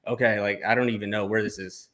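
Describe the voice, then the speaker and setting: Fast-talking blunt male podcast host. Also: fairly low pitch, steady tone, fairly bright tone. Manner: blunt, profane, sarcastic. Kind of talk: casual podcast conversation.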